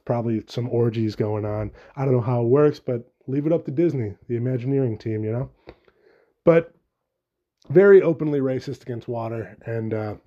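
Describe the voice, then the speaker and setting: A man's voice: medium pitch, warm tone, dull audio. A young man hosting a solo podcast, rambling and joking casually with frequent swearing. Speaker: podcast host.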